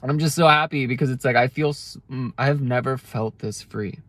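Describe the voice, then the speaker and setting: A man's voice: medium pitch, normal speed, fairly bright tone. Earnest man giving a motivational talk. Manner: earnest, heartfelt, with frequent restarts. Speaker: self-help video creator. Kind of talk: motivational monologue to camera.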